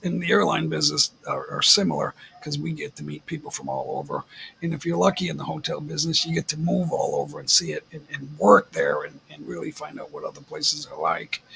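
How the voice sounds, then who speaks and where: A man's voice: fairly high pitch, creaky, slight background noise. A middle-aged man hosting a livestream, chatting casually and telling stories with frequent laughter. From United States. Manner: laughs often, animated storytelling. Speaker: livestream host. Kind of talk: casual chat.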